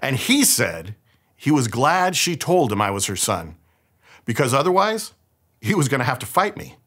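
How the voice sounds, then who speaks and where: A middle-aged man from the Bay Area preaches a sermon, telling a story with a casual, joking touch. His pitch moves a lot and stays animated throughout. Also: normal speed, breathy edge. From San Francisco Bay Area. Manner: storytelling, conversational and humorous. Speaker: pastor.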